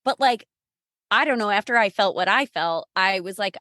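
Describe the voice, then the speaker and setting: A woman guest on a podcast telling her story in a casual, expressive, self-mocking way, full of "like" fillers. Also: medium pitch, moderate pace, no echo, clean studio sound. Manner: chatty with frequent "like" fillers.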